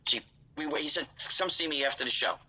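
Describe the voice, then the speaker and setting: A man's voice: fairly high pitch, fast talker, a crowd in the background, rough recording. A man telling a long story as a podcast guest, rambling with asides and acting out both sides of conversations. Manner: rambling, full of asides and acted-out dialogue. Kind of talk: casual storytelling.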